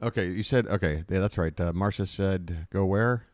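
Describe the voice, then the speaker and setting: A man's voice: low-pitched, normal speed, dry recording, clean studio sound. A man hosting a live stream, riffing casually and wryly, often wandering off on tangents. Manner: rambling, wry, easily sidetracked.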